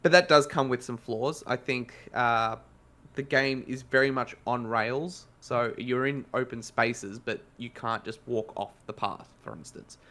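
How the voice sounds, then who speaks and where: A man's voice: medium pitch, measured pace, bright, forceful tone. A man with an Australian accent, co-hosting a casual podcast and reviewing a game in a rambling, self-correcting way.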